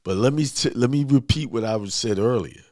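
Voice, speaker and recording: A spiritual speaker delivers an informal motivational sermon in a brisk, mellow, mid-range male voice. The sound is clean studio audio with no echo. He talks straight and blunt, emphatic and often repeating himself.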